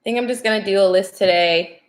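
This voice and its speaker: A young woman chats casually on a live stream, reading tarot and greeting viewers one by one. She talks in a middle pitch, loose and friendly, with frequent laughs between remarks. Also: a little fast. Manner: chatty, greets viewers by name, laughs often.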